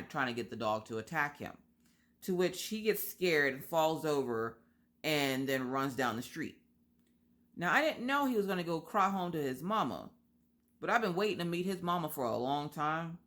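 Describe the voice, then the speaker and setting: A young adult woman telling a story in a casual chat while crocheting, blunt and sassy, acting out quotes with big pitch swings. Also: fairly bright tone. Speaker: vlogger.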